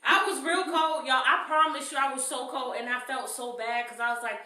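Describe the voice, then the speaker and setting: Woman host, bright tone, mic set back in an echoey room; chatty family storyteller. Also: high-pitched, brisk, far from the mic. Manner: animated storyteller, addresses listeners as y'all. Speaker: podcast co-host, mother. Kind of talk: casual family chat.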